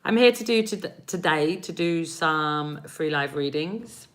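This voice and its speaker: A woman's voice: low voice, expressive, measured pace. A woman in her forties from England with an English accent, chatting with viewers on a live stream and laughing often. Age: 40s. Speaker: energy reader doing live readings.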